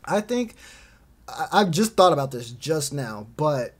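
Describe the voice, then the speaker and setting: A man's voice: fairly high pitch, sing-song, a little slow, husky. A man hosting a casual esports podcast, rambling with lots of fillers and frequent laughs. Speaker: podcast host. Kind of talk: casual chat about esports.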